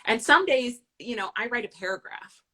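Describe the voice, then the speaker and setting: A woman's voice: a little high, lively intonation, moderate pace, sharp tone. A woman nutritionist hosting a casual chat, candid and chatty, often checking in with "right?". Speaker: nutritionist and host.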